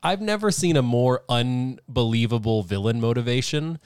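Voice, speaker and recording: A man's voice: mid-range voice, lively intonation, normal speed, darkish tone, clear, resonant tone, no room sound, studio quality. A man co-hosting a podcast, chatting casually with a skeptical, incredulous edge. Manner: skeptical, incredulous, laughs at absurd points. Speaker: podcast co-host. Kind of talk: casual chat.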